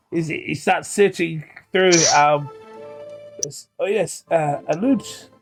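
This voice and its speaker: A man's voice: on the high side, slow pace, faint music behind. A young man narrating a tabletop game as game master, rambling with fillers and laughing often.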